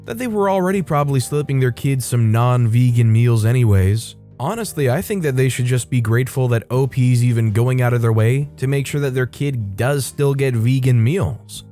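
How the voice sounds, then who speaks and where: A man's voice: mid-range voice, moderate pace, hardly any pauses, mellow, soft background music. A man narrating online stories in a conversational way, reading the posts aloud and adding his own opinions between them. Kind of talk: storytime narration with commentary.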